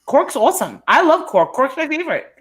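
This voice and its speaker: Blunt, high-pitched ranting woman. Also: big pitch swings, a little fast. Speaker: live stream host. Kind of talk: heated live stream chat.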